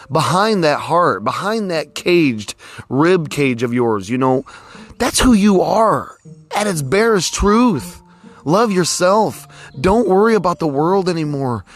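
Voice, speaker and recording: A man hosting a podcast, musing in a casual, rambling way with lots of fillers, recorded outdoors. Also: on the high side. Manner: rambling, folksy, many fillers like "you know". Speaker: podcast host. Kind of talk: casual philosophical monologue. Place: outdoors with cars passing.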